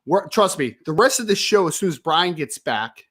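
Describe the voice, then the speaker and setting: A young man hosts a live sports talk stream, emphatic and visibly frustrated. His pitch rises and falls widely as he pushes his points. He keeps talking casually and directly to his viewers. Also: normal speed. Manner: frustrated, emphatic, ranting then calming. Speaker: sports podcast host.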